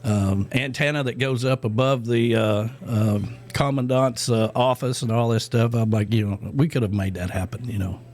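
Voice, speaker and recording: A man's voice: mid-range voice, steady tone, normal speed, hardly any pauses, a little mellow. A middle-aged man co-hosting a radio show in casual chat, rambling with lots of fillers and restarts.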